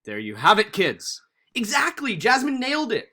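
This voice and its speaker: A man's voice: high-pitched, normal speed. A male teacher giving a recorded history lesson, telling stories animatedly and acting out quotes. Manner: animated storytelling with acted-out quotes.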